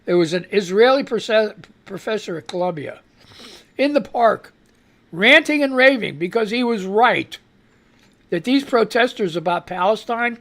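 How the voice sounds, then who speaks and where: A man's voice: high-pitched, animated, normal speed, a bit bright. A man runs a live radio news show, reading headlines off the screen. He keeps drifting into rambling commentary and exasperated outbursts, and he sounds like he is fighting back a cough. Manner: rambling, reads headlines aloud and reacts with outbursts.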